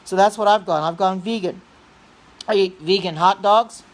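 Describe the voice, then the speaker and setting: A woman hosting a livestream, talking insistently and earnestly, often repeating herself, restarting sentences and clearing her throat. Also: mid-range voice, normal speed. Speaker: livestream host reading chat. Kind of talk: earnest preaching livestream chat.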